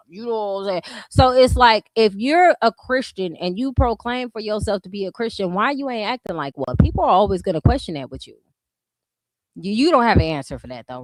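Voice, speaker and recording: A woman's voice: mid-range voice, no echo. A woman streamer giving blunt, mocking drama commentary, full of rhetorical questions.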